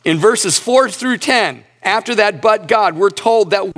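In a slightly bright male voice, a pastor delivers a sermon with earnest weight. Scripture comes out slowly, and key points lift his pitch upward.

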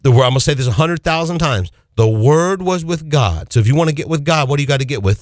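Male radio preacher host, fervent, exclamatory, fairly high voice, dry close sound. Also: expressive, fast, few pauses, no room sound. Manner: fervent, exclamatory, rhetorical questions.

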